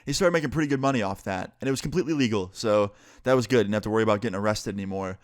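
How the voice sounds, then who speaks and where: Lower-voiced young man telling a story. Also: rapid-fire, no echo, clean studio sound. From New York state. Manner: animated retelling with lots of "like" and quoted dialogue. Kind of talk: casual story time.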